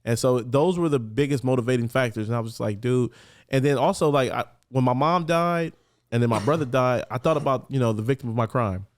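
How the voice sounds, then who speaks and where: A man's voice: medium pitch, fairly quick. A man who is a podcast guest, candidly and earnestly telling his personal story in casual street talk in a studio.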